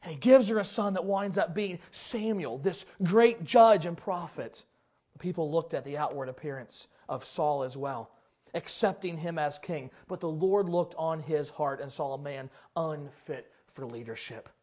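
A man preaching a sermon in an animated, conversational way, swinging from loud emphasis to hushed asides. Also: a little high, moderate pace.

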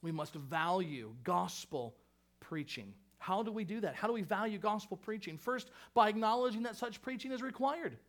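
Preaching at a moderate pace, this male pastor has a strikingly high, expressive voice and hammers home his points by repeating key phrases. He shifts from fervent heights to quiet, earnest moments.

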